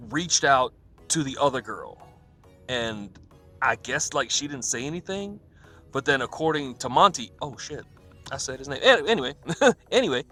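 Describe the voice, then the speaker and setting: A man's voice: mid-range voice, a bit bright. A man hosting a podcast, retelling a coworker's story in a casual, profane, laughing way with quoted back-and-forth. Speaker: podcast host.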